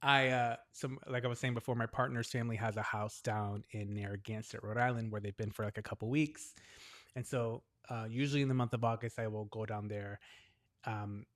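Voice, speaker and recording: A man in his forties co-hosting a podcast, chatting casually and telling stories with lively acted-out quotes. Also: lowish voice, brisk. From New England, US. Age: 40s. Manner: animated storyteller who acts out the voices of others in his stories. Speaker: podcast co-host. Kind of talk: casual chat.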